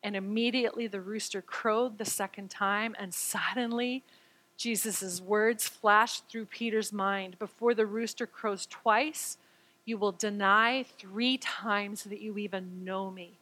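A woman preaching a sermon, reading scripture aloud and explaining it in an expressive way, acting out the quoted lines and stammering at times when excited. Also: mid-range voice, measured pace, low-quality recording.

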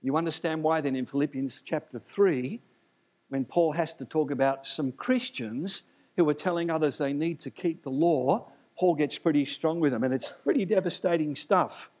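Male preacher, husky, a bit high-pitched, lively sermon delivery with humorous asides. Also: moderate pace. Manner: animated, rising to emphatic peaks, jokes and asides.

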